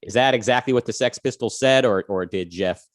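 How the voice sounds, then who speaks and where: A man's voice: medium pitch, brisk, dry recording, studio quality. An American man co-hosting a talk show, chatting casually with many fillers and restarts and reading out viewer comments. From United States. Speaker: podcast co-host.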